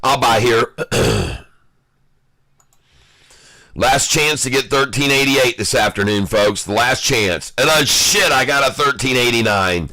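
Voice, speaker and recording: A man giving live day-trading commentary, excitable and taunting, calling out prices and addressing viewers as folks. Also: mid-range voice, slow pace, no room sound. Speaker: stock day-trader streaming live.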